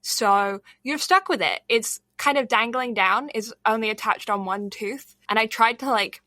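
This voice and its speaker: Bright-voiced woman with a slight lisp. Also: a little high, unhurried, no room sound. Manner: chatty, laughs often, rambling. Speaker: podcast co-host. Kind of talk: casual chat.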